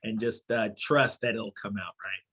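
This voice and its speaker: Thoughtful middle-aged man, bright tone. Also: lowish voice, fairly even intonation. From born in Haiti, raised in New York. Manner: thoughtful, measured, reflective. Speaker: podcast guest, company CEO. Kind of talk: casual podcast interview.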